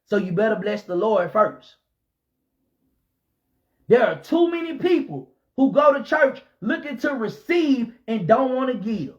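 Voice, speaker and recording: A man with a very high voice preaches in a heated rant, hammering his points by repeating them. He jumps from loud shouted declarations down to low muttered remarks. The recording sounds dull and lo-fi. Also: sing-song, measured pace. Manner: repetitive, emphatic, call-out delivery. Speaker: pastor. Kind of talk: impassioned preaching rant to camera.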